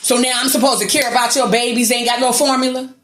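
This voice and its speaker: A woman's voice: on the high side, little pitch movement, quick pace, a bit bright, echoey room, slight background noise. A woman delivering an angry, sarcastic, profanity-heavy rant to her viewers. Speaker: vlogger. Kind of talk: angry ranting monologue.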